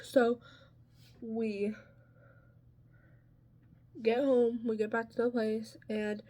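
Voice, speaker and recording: A woman's voice: fairly high pitch, level tone, very slow, warm tone. A woman vlogger telling a story in a casual chat while getting ready, full of "like" and "um" and sounding exasperated. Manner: chatty, peppered with "like" and "um".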